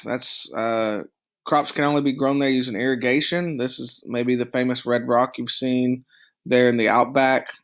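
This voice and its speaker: A male teacher walks through his slides in a loose, halting way, stopping for ums and restarting his sentences. His voice has a gravelly, creaky edge and sits at an ordinary pitch for a man. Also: level tone. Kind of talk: recorded classroom lecture over slides.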